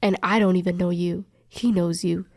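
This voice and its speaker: A woman's voice: lowish voice, steady tone, normal speed, vocal fry, darkish tone. A young woman, a respiratory therapist, candidly recounting her work experience in an emphatic, storytelling way. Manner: candid, emphatic, quotes others' words. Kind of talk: personal storytelling interview.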